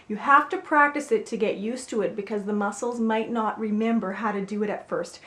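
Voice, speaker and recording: A woman vocal coach giving a singing lesson, explaining clearly and with a playful, upbeat manner. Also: medium pitch, fairly quick, few pauses, fairly bright tone. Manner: clear, upbeat instructive delivery with playful demonstrations. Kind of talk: singing lesson with spoken instruction. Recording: roomy echo with faint music.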